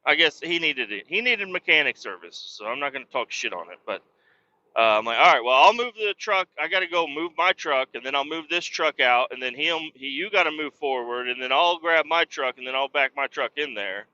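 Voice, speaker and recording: A man's voice: medium pitch, expressive, fairly quick, sharp tone, highs cut off. A man, a truck driver, hosting a podcast and telling a rambling story in casual, profane talk, raising his voice when he quotes people.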